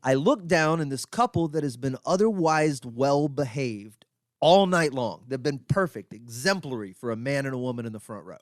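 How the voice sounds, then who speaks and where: A man's voice: medium pitch, expressive, normal speed. A man with a mid-range voice tells long, winding stories on a podcast, peppered with swearing. The sound is dry and close, with no room echo. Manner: profane, rambling storyteller. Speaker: podcast co-host, comedian. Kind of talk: casual chat, storytelling. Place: podcast studio.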